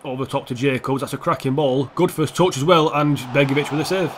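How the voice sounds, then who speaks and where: Talking fast at a medium pitch over a noisy background, this young man commentates a football video game for his YouTube channel. He's casual, sarcastic, and sweary, answering back to the on-screen players.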